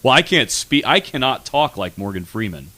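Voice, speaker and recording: A man co-hosts a comedy radio show from a studio and rambles through casual banter. His pitch moves around a lot and the voice sits at a medium height. The sound is dry and close to the mic. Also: normal speed, no room sound. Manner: animated and rambling, with frequent fillers.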